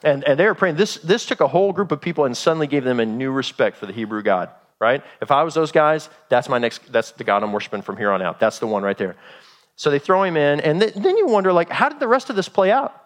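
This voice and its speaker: A man preaching a sermon, retelling a story in a lively, dramatic way and acting out the characters. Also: fairly high pitch, quick pace.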